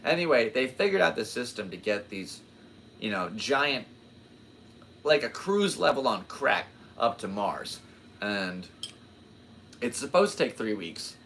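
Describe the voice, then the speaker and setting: A podcast host in his twenties talks in a medium-pitched, sing-song voice that's a bit bright, going a little slowly with long pauses. His casual monologue is rambling and jokey and keeps drifting into tangents, with slight background noise behind him.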